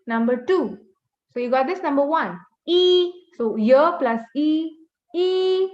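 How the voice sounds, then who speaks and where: A woman's voice: sits high, expressive, normal speed. A woman teaching an online class, patiently drilling words and correcting pronunciation over and over. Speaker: language teacher. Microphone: video call. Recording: echoey, dull webinar audio.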